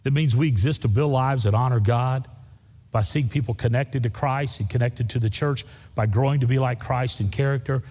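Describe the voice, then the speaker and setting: A man's voice: medium pitch, normal speed, warm tone, in a large hall. A man preaching a sermon as pastor, telling folksy stories and driving points home through repetition.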